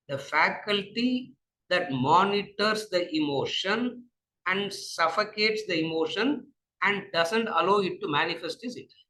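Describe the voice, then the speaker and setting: Tamil-accented male lecturer, bright and high, circles back on his own lines in class. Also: rough recording. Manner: rhetorical questions, repeats phrases, drops to asides. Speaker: spiritual lecturer.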